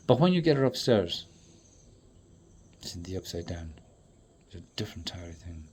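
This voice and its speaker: A man with a low, husky voice rambles through a brisk stream-of-consciousness monologue, swearing freely and swinging widely in pitch. Speaking straight to his viewers, he jumps between loud bursts and quiet mutters.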